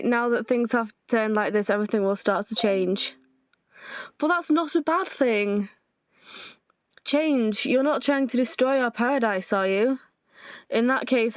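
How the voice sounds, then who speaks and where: Playing through a story game, a woman with a voice on the high side speaks all the characters' lines and adds remarks of her own. It's a full playthrough narration, and no room sound is audible.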